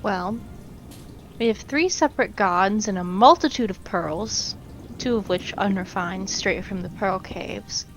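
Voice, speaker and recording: A woman player at a tabletop game with an even, mid-range voice and a dry, measured wit. Faint music plays behind her. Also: mid-range voice.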